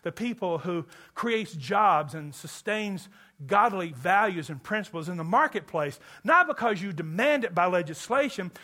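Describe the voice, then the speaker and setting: A man from Kentucky preaching a sermon to a church congregation, animated and joking with the listeners. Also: high voice. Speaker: pastor.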